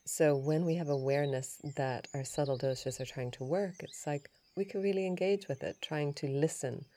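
A woman hosting a yoga and Ayurveda podcast, telling a story in a chatty, animated way. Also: deep voice, normal speed. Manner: chatty, animated retelling with laughs and restarts.

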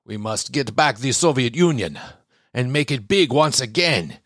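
A man's voice: mid-range voice, big pitch swings, measured pace, a bit bright, no echo. A blustering, paranoid strongman growls out pompous threats in an exaggerated Russian accent, as a man mocks him in a podcast rant. The voice is theatrical and self-important, and the dry, close sound of the podcast mic carries over. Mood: grandiose. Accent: mock Russian. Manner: pompous, menacing declarations.

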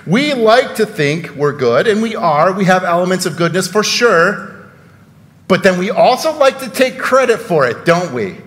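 A man's voice: high voice, big pitch swings, normal speed, a bit bright, long reverb tail. A man preaching a sermon in a church, conversational and full of rhetorical questions and sarcastic asides. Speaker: pastor.

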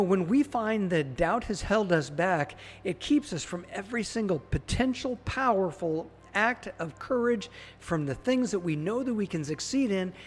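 High-voiced man teaching a devotional. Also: big-room sound. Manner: questioning listeners directly, earnest. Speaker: devotional podcast host.

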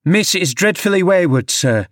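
A man's voice: mid-range voice, moderate pace, dry recording, studio quality, lightly acted. A man reading an audiobook, voicing an outspoken woman servant who scolds indignantly. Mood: scolding.

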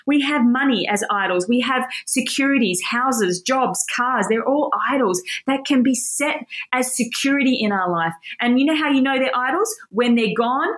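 A woman's voice: on the high side, lively intonation, normal speed, few pauses, a bit bright. A woman teaching scripture with enthusiasm, reading passages aloud and breaking in with emphatic, insistent comments. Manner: passionate and insistent. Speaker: Bible teacher. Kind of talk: Bible teaching.

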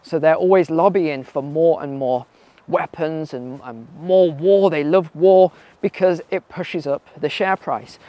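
A man's voice: on the high side, unhurried, dry recording, highs cut off. A man giving casual spoken commentary while walking on a mountain trail, asking rhetorical questions and using frequent fillers. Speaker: vlogger.

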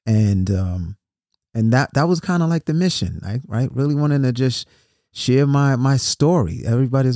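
A man hosting a solo podcast, talking loosely in an everyday way. His voice sits at a middle pitch, and he often restarts phrases and checks in with "right?". The sound is dry and close, with no room around it. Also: moderate pace, mellow, no echo. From New York City. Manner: conversational, repeats words, asks "right?" often. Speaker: podcast host and motivational speaker. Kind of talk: casual solo podcast talk.

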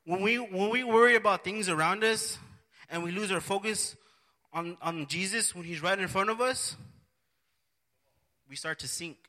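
A man's voice: high-pitched, normal speed, long pauses, bright, forceful tone. A man preaching a sermon, earnest and repetitive, often restarting his phrases.

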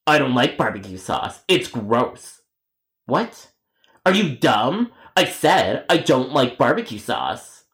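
A man's voice: medium pitch, sing-song, a bit bright, exaggerated voice. A man voicing a rude, whiny grown man customer who trades insults and drags out his complaints in a storytime cartoon. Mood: insulting. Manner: insulting, stubborn, drawn-out complaints.

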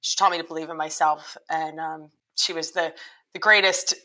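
A woman's voice: low-pitched, fairly even intonation, moderate pace, sharp tone, poor audio. A middle-aged woman, a lacrosse coach, telling her story earnestly in a podcast interview, with frequent restarts.

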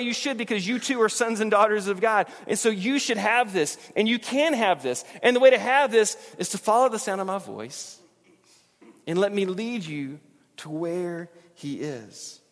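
A middle-aged male pastor gives a sermon with a fairly high voice. He talks to the congregation like it's a conversation and stumbles over repeated words when he's emphatic. The sound carries a long reverb from a large church hall. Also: a bit bright.

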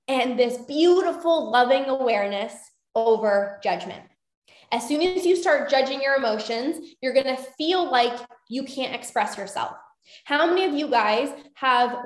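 A woman's voice: a little high, echoey room. A young adult woman coaching her listeners in a motivational talk, earnest and repeating phrases for emphasis.

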